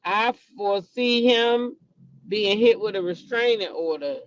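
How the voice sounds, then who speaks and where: A woman's voice: medium pitch, a little slow, muffled recording. A woman hosting a casual gossip commentary, emphatic and profane, repeating her points and talking straight to her viewers. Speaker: host.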